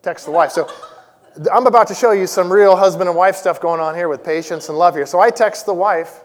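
Male preacher, 40s, slightly higher voice, chatty and self-mocking, long hall reverb. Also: fairly quick. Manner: conversational storytelling with self-deprecating humor. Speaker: church elder preaching. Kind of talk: sermon.

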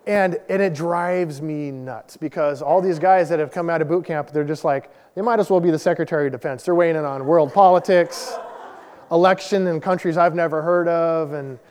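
A man's voice: on the high side, moderate pace, a little mellow. A man in his forties, a lay pastor, giving a conversational sermon with a casual, self-deprecating personal story. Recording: long hall reverb.

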